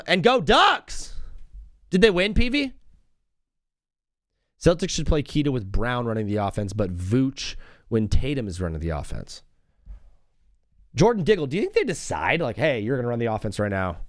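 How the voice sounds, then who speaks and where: A young man hosts a live sports show with a lively, bouncing voice that sits a little high for a man. He rambles casually from play updates to stories and replies to chat. The sound is close and dry, with no room around it. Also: dry recording. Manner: rambling, chatty, jumps between game calls and stories.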